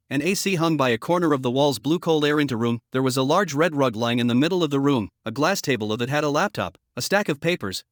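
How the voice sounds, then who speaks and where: Male narrator, slightly high voice, dry close-miked sound, steady audiobook reading. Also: no echo. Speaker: story narrator. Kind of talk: scripted first-person audiobook narration.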